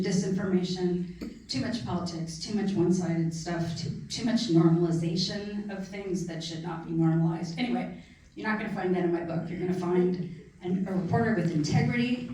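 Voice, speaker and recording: A woman's voice: fairly low pitch, warm tone, a little hiss or hum. A middle-aged woman speaks about her book in a casual, earnest way, with her heart showing. She is picked up from far off in a very echoey room, with faint ambience behind her. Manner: chatty, earnest, gets emotional. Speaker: author discussing her book. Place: library event room.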